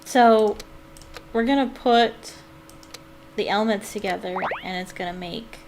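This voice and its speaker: A woman's voice: medium pitch, measured pace, noisy background. Chatty woman thinking aloud over gameplay. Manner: chatty, thinks aloud with fillers, laughs easily. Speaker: let's play gamer. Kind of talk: casual gameplay commentary.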